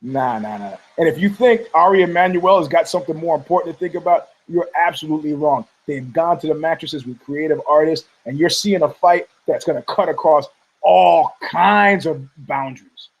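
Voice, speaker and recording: A man's voice: fairly high pitch, moderate pace, low-quality recording. A male podcast host giving rambling, combative commentary, profane and heated, often stumbling over restarts.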